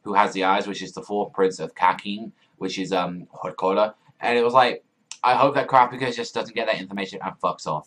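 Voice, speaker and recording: Young guy ranting about a manga chapter, low voice, swears a lot, super hyped. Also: a little fast. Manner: excitable, profane, rambling with many fillers. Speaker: manga reaction host. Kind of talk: casual reaction commentary.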